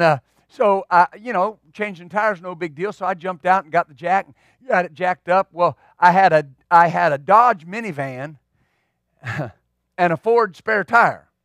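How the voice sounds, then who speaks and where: A middle-aged man, a pastor, telling a story in a sermon with folksy humor and lively, repeating speech. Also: fairly high pitch, dry recording.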